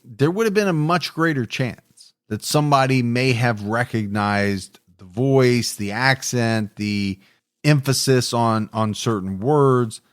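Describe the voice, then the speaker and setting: With a middle-pitched voice, this man co-hosts a true crime podcast, narrating thoughtfully and at a steady pace. There's no echo or room sound; the audio is dry and close.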